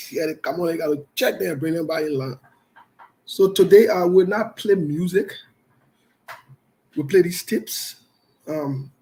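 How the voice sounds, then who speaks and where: A man's voice: a little high, a little mellow. A man hosting a live call-in talk show, stern and preachy, repeating his warnings and laughing between them.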